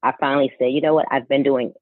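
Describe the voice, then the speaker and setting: A woman's voice: very deep voice, level tone, fast talker, no echo. Woman in her forties, podcast host, tinny phone-like line, dry sound. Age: 40s. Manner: warm affirming listener, frequent mm-hmms. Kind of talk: conversational interview.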